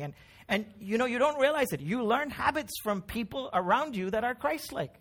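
A man's voice: very high voice, big pitch swings, normal speed, a bit bright. A middle-aged man preaching a sermon in a conversational, emphatic way, often asking "right?" and "you know?". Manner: conversational, emphatic preaching with frequent tag questions. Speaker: pastor.

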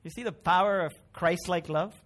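Middle-aged pastor, man, higher-pitched, chatty yet emphatic preaching. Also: normal speed, a bit bright. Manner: conversational, emphatic preaching with frequent tag questions. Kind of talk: sermon.

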